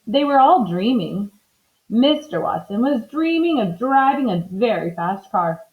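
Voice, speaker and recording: A woman reads a children's storybook aloud at an unhurried pace. Her pitch is bright and high and moves up and down with every turn of the story. The recording sounds slightly dull and lo-fi. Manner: expressive and animated. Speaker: storybook reader. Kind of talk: children's book read-aloud.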